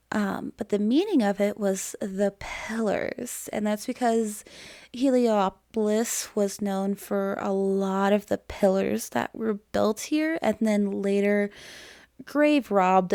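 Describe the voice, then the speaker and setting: A woman's voice: medium pitch, warm tone. A woman hosting a mythology channel, narrating in a casual educational way with chatty asides to the viewer and jokes about her own pronunciation. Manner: self-deprecating about pronunciation.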